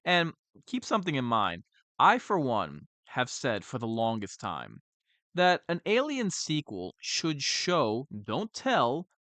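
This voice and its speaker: A man with a smooth, clear voice delivers a sarcastic, exasperated review, often restarting his sentences. His pitch sits mid-range, and the sound is close and dry. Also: fairly bright tone, no room sound. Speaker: horror movie reviewer. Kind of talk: sarcastic film review monologue.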